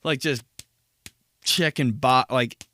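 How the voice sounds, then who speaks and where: A man's voice: mid-range voice, slow pace, sharp tone. A young man hosting a solo podcast, telling rambling, profane stories and laughing at his own jokes. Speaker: podcast host. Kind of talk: casual solo podcast monologue.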